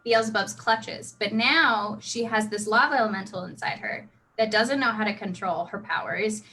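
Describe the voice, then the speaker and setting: A woman's voice: medium pitch, moderate pace, pushed and bright, rough recording. A woman casually telling her role-play character's backstory, chatty with many restarts. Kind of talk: casual storytelling.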